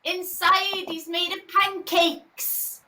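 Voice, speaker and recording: A woman playing a shrill, scornful woman. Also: flat delivery, slow, sharp tone, full character voice. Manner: dismissive, scoffing. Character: scornful woman mocking Doug. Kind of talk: improvised theatre role-play. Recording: echoey and far from the mic with faint noise.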